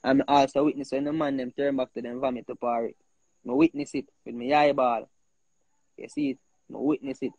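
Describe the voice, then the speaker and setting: A man with a Jamaican accent, hosting a heated casual talk, animated and emphatic, often repeating himself. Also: medium pitch, fairly quick, no echo, dull audio. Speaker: host.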